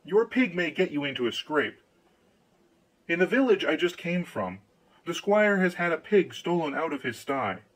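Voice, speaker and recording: A man's voice: on the high side, very animated, moderate pace, pitched above the performer's own voice, rough recording. A man doing a sly, persuasive countryman. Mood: confiding. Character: shrewd sly male countryman.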